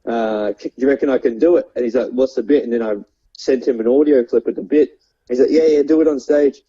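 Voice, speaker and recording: A man's voice: mid-range voice, fairly even intonation, quick pace, warm tone, husky. A young Australian man, a stand-up comedian, telling rambling stories with lots of fillers and frequent laughter. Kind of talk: casual storytelling chat. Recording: dull lo-fi sound.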